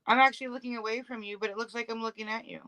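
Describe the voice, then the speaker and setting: A woman chatting casually as co-host, thinking out loud. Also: on the high side, fairly even intonation, rapid-fire, slight background noise, low-quality recording. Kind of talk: casual chat.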